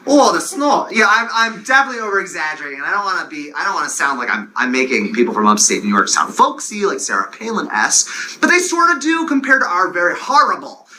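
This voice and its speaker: Male lecturer, Long Island accent, bouncy intonation, sharp bright tone, chatty tangents. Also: high voice, quick pace, slight background noise, low-quality recording. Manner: animated, digressive, jokey asides. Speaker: university lecturer. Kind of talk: classroom lecture.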